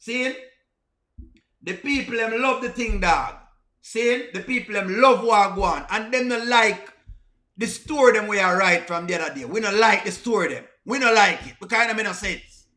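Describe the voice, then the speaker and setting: A Jamaican man comments on comedy skits for his livestream audience with a bright, sharp tone. He begs and repeats his points, sliding between patois and plainer speech. His voice echoes around the room. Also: sits high, moderate pace. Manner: pleading and repetitive, mixing patois with plain speech. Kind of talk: casual reaction commentary.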